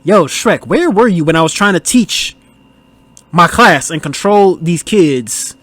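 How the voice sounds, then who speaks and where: A man's voice: high-pitched, lively intonation, unhurried, fairly bright tone, no room sound. A man hosting a podcast, giving casual movie commentary in a laid-back, slangy way, laughing often. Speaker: podcast host.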